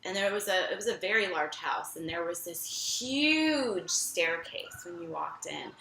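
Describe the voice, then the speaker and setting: A young woman casually telling a personal story in an animated, chatty way, full of fillers. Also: fairly low pitch, measured pace, gravelly, reverberant, rough recording.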